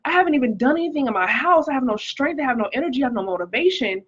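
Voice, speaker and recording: A woman's voice: high voice, expressive, rapid-fire, slightly rough, muffled recording. A woman giving an earnest, emotional testimony on a live stream as a life coach, reading viewer comments aloud. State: pregnant, recovering from stroke.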